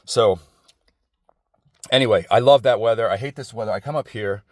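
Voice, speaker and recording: A middle-aged man rambles through a personal monologue outdoors, circling back on himself and swearing freely. His voice sits low, and the sound is dry, with little echo around it. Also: normal speed, a little mellow. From New Jersey. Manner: rambling, digressive and profane, with many restarts. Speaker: vlogger. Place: outdoors outside an office building.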